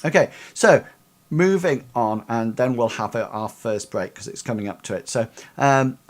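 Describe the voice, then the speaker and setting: A man's voice: medium pitch, normal speed. Rambling male game master. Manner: rambling with many fillers and restarts. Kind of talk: narrating a tabletop game on a stream.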